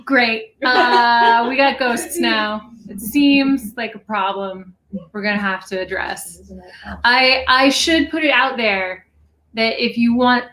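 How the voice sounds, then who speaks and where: High-voiced woman hosting a music livestream. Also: takes it slowly, pushed and bright, slight background noise, poor audio. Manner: chatty, laughs easily, rambling asides. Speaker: singer-songwriter livestream host. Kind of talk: casual livestream chat between songs. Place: rented house with friends in the room.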